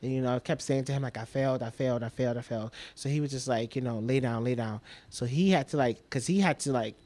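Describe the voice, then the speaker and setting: A young man from Trinidad, with a mellow, medium-pitched voice and a quick pace, tells a personal story as a podcast guest. He rambles, repeats himself, and says "like" constantly.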